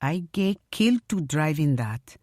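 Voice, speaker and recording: Woman voicing a sandpapery, low-voiced shopkeeper lady, curt broken English, dry close sound. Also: expressive, a little slow, mellow, no echo. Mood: fearful. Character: older shopkeeper woman, gravelly and fretful.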